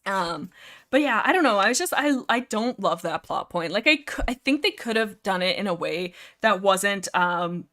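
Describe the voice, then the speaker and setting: A young woman from Canada hosting a casual livestream chat about books, rambling and animated, reading chat aloud. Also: mid-range voice, moderate pace. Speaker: livestream host.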